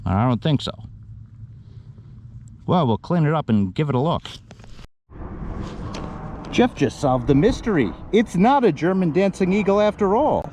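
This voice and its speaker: A man hosting a metal detecting video, talking casually and excitedly about his finds while out on a field. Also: on the high side, a little slow, long pauses, background noise. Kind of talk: casual outdoor commentary. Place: outdoors on a field.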